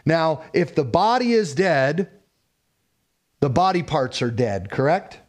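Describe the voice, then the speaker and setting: A man's voice: a little high, very animated, slow pace. A middle-aged man, a pastor, preaching a sermon in a conversational way with personal stories.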